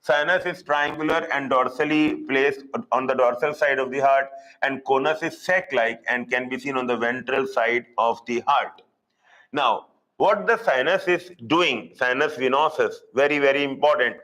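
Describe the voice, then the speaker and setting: A man with an Indian English accent teaching a live online zoology class, repeating key terms slowly for students. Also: mid-range voice, a bit bright, poor audio.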